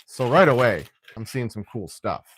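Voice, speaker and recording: A young man of ordinary pitch talks loosely through a live build. He rambles and restarts his sentences, and he keeps clearing his throat. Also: animated, moderate pace, a bit bright, slight background noise. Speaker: live stream host building Lego. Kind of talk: casual live stream chat.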